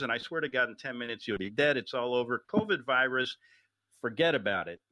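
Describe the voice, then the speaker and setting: A man's voice: medium pitch, sing-song, brisk, bright, forceful tone, no echo. A man hosting a talk radio show, delivering a rambling, jokey comedic monologue into a studio microphone.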